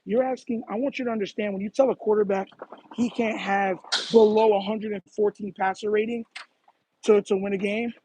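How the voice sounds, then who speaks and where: A young man chatting on a live stream, animated and repetitive, calling people "bro" as he talks to his chat while running errands. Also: high-pitched, a little fast, a little hiss or hum, poor audio. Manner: animated, repeats himself, says "bro" a lot.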